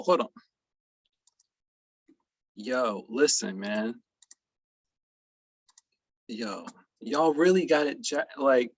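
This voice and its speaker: A man teaching an online class with a playful, boastful streak, teasing his students. His pitch swings widely while he drawls slowly. His voice is husky and the sound is dry. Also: a bit bright, no echo. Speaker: trading educator.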